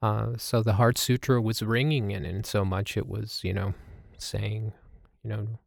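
A man telling a reflective personal story as a host, halting and with many fillers. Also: lowish voice, flat delivery, creaky, dry recording, studio quality. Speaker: podcast host. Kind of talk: personal storytelling about meditation.

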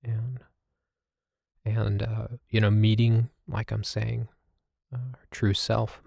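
A man telling a reflective personal story as a host, halting and with many fillers. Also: fairly low pitch, level tone, vocal fry, dark tone, no echo, clean studio sound. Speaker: podcast host. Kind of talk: personal storytelling about meditation.

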